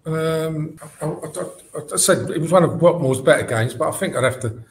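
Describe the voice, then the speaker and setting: A man's voice: on the high side, normal speed. Hesitant male football guest. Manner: hesitant, relaxed. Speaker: guest pundit. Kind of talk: casual football chat.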